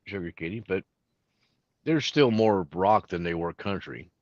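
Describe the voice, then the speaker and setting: A man's voice: sits low, animated, measured pace, darkish tone, no room sound, muffled recording. A man co-hosting, chatting casually and agreeably about classic rock with lots of fillers.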